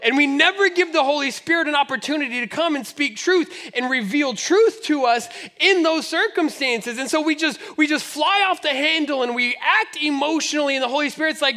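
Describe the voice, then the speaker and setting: A man preaching a sermon as pastor, telling stories in an animated way and laughing often. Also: extremely high pitch, a little fast, hardly any pauses.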